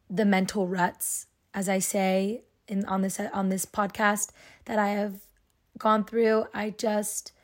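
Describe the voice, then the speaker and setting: A young adult woman hosting her own podcast, talking in an earnest, rambling way with lots of filler words. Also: mid-range voice. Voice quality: sensitive voice. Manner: earnest, rambling, heavy use of "like". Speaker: podcast host. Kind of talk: casual solo podcast talk.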